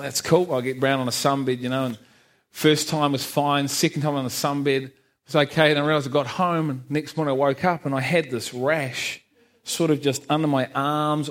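A man giving a personal church testimony, frank and self-mocking, often laughing at himself. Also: medium pitch. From England. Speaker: testimony speaker.

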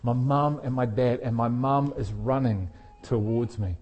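A man's voice: medium pitch, measured pace, highs cut off. A middle-aged man, a pastor telling a personal story in a sermon and laughing often as he speaks. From England.

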